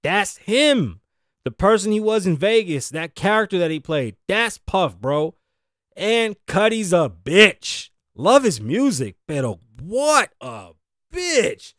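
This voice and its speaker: A young male talk show host tearing through a comedic monologue, profane and ranting. His voice is a touch high for a man and swings widely in pitch. The recording is dry and close, with no room around it. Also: very animated, slow pace, fairly bright tone, no room sound.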